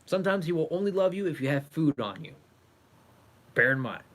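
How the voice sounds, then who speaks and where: Man softly coaxing his cat on stream. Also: on the high side, expressive, brisk. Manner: coaxing, affectionate pet talk. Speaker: livestream host. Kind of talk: casual livestream chat.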